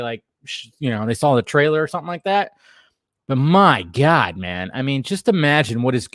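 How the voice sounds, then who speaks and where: A man giving casual live commentary on film footage as an online host, animated and exclamatory, swearing freely as he talks. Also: a little high, dry recording, studio quality.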